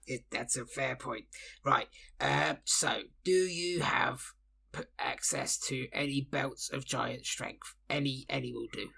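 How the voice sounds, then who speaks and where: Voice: medium pitch, slow, vocal fry, pushed and bright, husky. A tabletop player who talks in a hesitant, playful way with many fillers. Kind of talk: tabletop game play.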